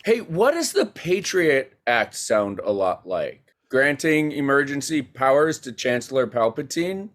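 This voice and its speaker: A man, a guest filmmaker, telling a story in a casual podcast chat, animated and rapid with many fillers. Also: medium pitch.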